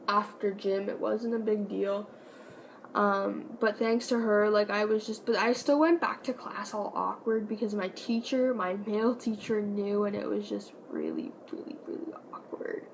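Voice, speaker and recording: A young woman casually telling a personal story on her vlog, chatty and animated, with lots of fillers. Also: medium pitch, slight background noise, poor audio. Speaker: vlogger.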